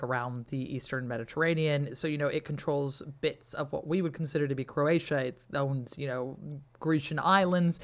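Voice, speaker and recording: A woman co-hosting a podcast, explaining history casually and wryly, acting out the people involved in quick asides. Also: low-pitched. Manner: wry, storytelling, acts out historical figures in quick asides. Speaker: podcast co-host.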